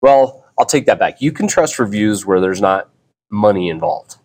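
A man's voice: lowish voice, very animated, moderate pace, darkish tone. A middle-aged man hosting a casual solo podcast, talking in a rambling, easygoing way with frequent restarts. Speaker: podcast host.

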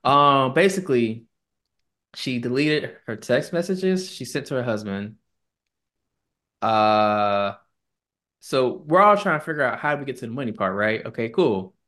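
Dude on a podcast telling a story to the crew, animated, does little voices. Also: male voice, medium pitch, measured pace, pauses often. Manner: animated retelling, quoting people in put-on tones. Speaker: podcast co-host. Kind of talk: casual storytelling chat.

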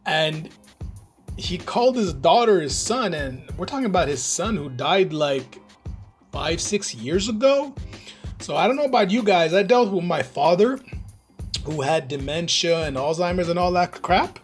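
A man's voice: high voice, lively intonation, moderate pace, faint music behind. A man hosting his own channel, chatting in a rambling, jokey, heavily profane casual rant. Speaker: vlogger, channel host.

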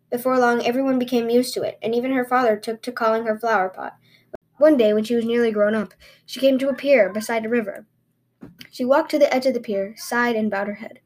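A woman reads fairy tales aloud for her podcast in a slightly high voice. She tells the story expressively, with the odd stumble and restart. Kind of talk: fairy tale reading.

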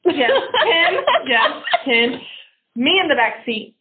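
A woman's voice: sits high, slow. A young woman, a podcast co-host telling a story in casual chat, acting out what people said. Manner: animated, acts out quoted lines. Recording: tinny phone-like audio.

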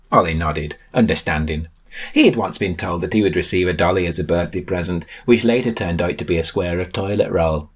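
A man reading a comic story aloud as storyteller, with deadpan narration. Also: low voice, fairly quick, breathy edge.

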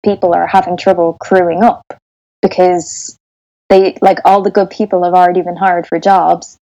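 An Irish woman in her thirties chats as an interview guest in a fairly low voice. She talks in loose, rambling sentences, restarting often. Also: flat delivery, moderate pace, mellow, muffled recording. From Ireland. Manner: chatty, with frequent restarts and laughter. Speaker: sound engineer, interview guest. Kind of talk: casual interview.

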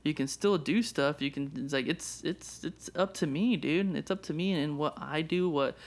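A man's voice: on the high side, normal speed. A young man co-hosting a podcast, talking casually with lots of restarts and swearing. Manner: rambling, many restarts and swearing. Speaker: podcast co-host. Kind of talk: casual chat.

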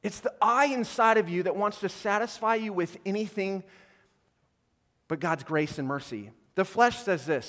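A male pastor delivers a sermon in a high voice, animated and playful, acting out quoted voices and swinging from hushed lines to loud bursts. His voice rings out with a long reverb, as in a large church hall. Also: normal speed. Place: church auditorium.

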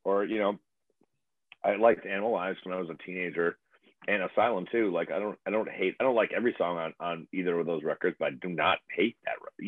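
A man in his late forties talking in a rambling, excitable way, swearing freely in casual chat. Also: low voice, no room sound. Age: late 40s. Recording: tinny phone line.

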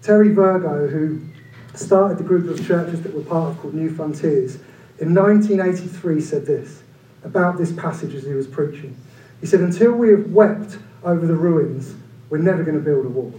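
A man around forty, preaching a sermon in an animated, conversational way with humorous asides. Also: normal speed, a little hiss or hum. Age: about 40. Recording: echoey room from far off, low-quality.

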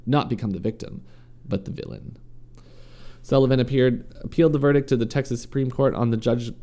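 A man's voice: medium pitch, a little fast, warm tone. A man reading a story aloud in a casual way, stumbling and correcting himself now and then. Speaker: podcast host reading a story. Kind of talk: casual true-crime reading.

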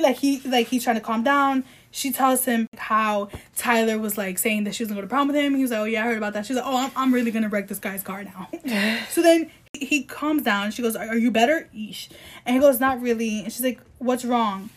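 A woman co-hosting a casual podcast chat, ranting in a heated, emphatic way and reading quotes aloud in mock voices. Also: on the high side. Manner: heated, emphatic, rapid ranting with apologies for shouting. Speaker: podcast co-host.

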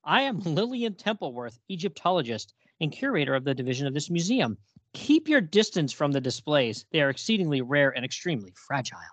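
A man's voice: on the high side, big pitch swings, a little fast, a bit bright, no echo. A man voicing a snooty, prim woman museum curator in a haughty, formal way.

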